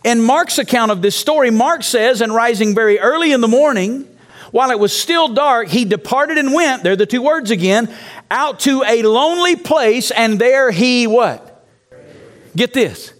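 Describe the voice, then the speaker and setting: A man preaching a teaching session to church planters, talking straight to the audience with rhetorical asides, dropping low and quiet and then climbing to loud, high shouts.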